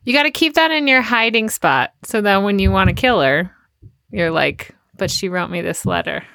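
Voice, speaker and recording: A woman co-hosting a casual chat, talking lively and laughing often. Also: medium pitch, normal speed, creaky, no echo. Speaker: podcast co-host.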